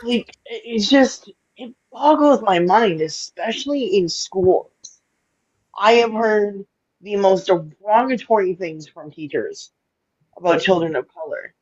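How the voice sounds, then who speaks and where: A blunt woman from Alberta tells stories on a podcast in an animated, outspoken way and swears without holding back. Her voice comes through somewhat dull and lo-fi. Her pitch is middling. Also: measured pace, breathy edge. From Alberta, Canada. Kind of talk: casual chat, storytelling. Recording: dull lo-fi sound.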